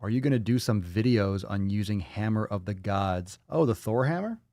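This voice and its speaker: Reading viewer comments on his fitness podcast from a small room at home, a man jokes, laughs, and swears in crude, casual chat. His voice sits on the low side with a dark tone, lively intonation, and normal speed, in a dry, clean studio recording.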